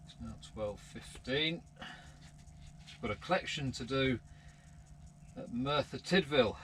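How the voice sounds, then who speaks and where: A British man, a truck driver, chatting casually to his vlog camera from his cab, easygoing and chuckling often. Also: mid-range voice. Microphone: camera mounted in the cab. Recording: loud truck engine and road noise. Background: loud vehicle noise.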